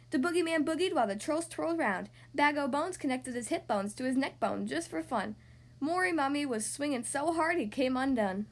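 A woman reading a children's picture book aloud in an expressive, sing-song way. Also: high voice, brisk. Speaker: storyteller.

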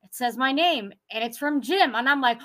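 A woman's voice: sits high, expressive, normal speed, a bit bright. A young woman from Ohio, a contest winner guest, telling her story chattily and acting out what others said. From Ohio, USA. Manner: chatty, acts out quotes, many "like"s. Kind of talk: excited phone interview storytelling.

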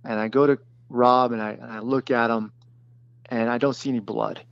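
Guy telling a war story in an interview, halting, lots of ums, dry kinda dull recording. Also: medium pitch, fairly even intonation, vocal fry, clear, resonant tone, no echo. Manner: plain, halting storytelling with many fillers and restarts. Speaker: former special forces detachment commander. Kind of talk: recounting a combat story in an interview.

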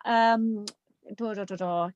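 A woman's voice: medium pitch, fairly even intonation, slow, darkish tone, dull audio. A woman in casual conversation, chatty and giggly, using British slang. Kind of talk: casual chat.

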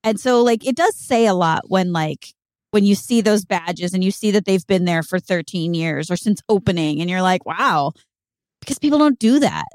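A woman co-hosting a casual podcast chat, candid and expressive with quick reactions. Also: lowish voice, no room sound. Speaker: podcast co-host.

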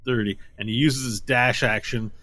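Man, game master, bright tone, casual narration, laughs often. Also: mid-range voice, steady tone, moderate pace. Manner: casual, laughing easily, frequent fillers.

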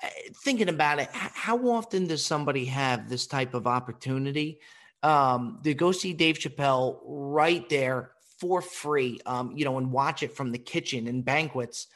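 A man hosting a podcast, telling anecdotes in a lively, profane way and acting out the people in them. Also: medium pitch, moderate pace. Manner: animated, profane, acts out quotes. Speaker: podcast host. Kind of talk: casual storytelling.

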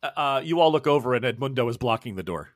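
A man narrating as game master in a loose, halting way with fillers. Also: mid-range voice, animated, no echo, clean studio sound.

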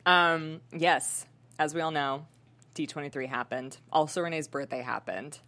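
A woman's voice: low-pitched, moderate pace, pushed and bright. A young adult woman hosting a casual entertainment news chat, talking chattily with lots of giggles and fillers. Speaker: show host.

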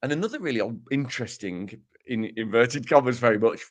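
A man's voice: medium pitch, animated, a little fast. A man co-hosting a casual podcast, summing up research with wry, self-mocking jokes. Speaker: podcast co-host presenting research.

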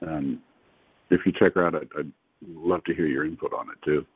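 Low-voiced guy rambling on, kinda husky, sounds like it's over a phone. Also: brisk, no echo. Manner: enthusiastic, rambling, many fillers. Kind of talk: casual conversation. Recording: tinny phone-like, dry sound.

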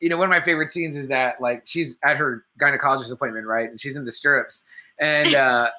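A man's voice: medium pitch, fast. A man in his thirties co-hosting a casual live stream, swearing freely and acting out scenes. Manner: profane, laughing, acts out scenes in a loud put-on voice. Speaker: co-host of a live movie chat stream.

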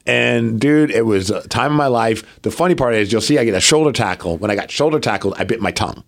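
A man's voice: mid-range voice, fast, vocal fry. A man co-hosting a podcast, animatedly telling a story in casual chat and acting out the people in it. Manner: animated storytelling with quoted dialogue. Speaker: podcast co-host and local wrestler.

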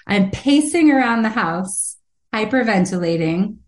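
A woman guest and author telling a personal story in an interview, animated, laughing often and acting out the voices she quotes. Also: medium pitch, a little slow, roomy sound.

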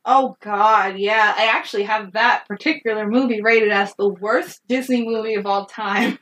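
A woman's voice: medium pitch, steady tone, normal speed, a bit bright, distant mic. A woman co-hosting a casual movie recap chat, sarcastic and laughing often, swearing freely. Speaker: podcast co-host.

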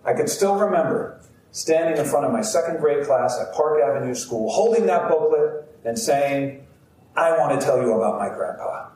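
A man's voice: on the high side, animated, moderate pace, a little mellow. Man storytelling to a crowd from afar. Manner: heartfelt, addressing the crowd directly. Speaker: actor and storyteller. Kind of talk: live storytelling performance. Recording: roomy, distant outdoor sound with faint background noise.

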